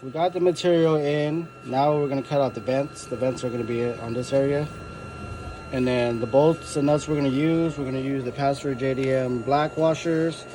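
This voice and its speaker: A man's voice: mid-range voice, steady tone, normal speed, warm tone, a little hiss or hum. A man in a garage workshop, casually explaining a custom car part build step by step, with fillers. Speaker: car body shop builder. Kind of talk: casual how-to narration.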